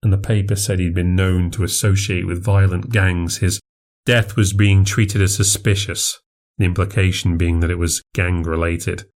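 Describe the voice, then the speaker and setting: A man's voice: sits low, steady tone, moderate pace. A man narrating a first-person horror story for a podcast, in a confessional, plainspoken way.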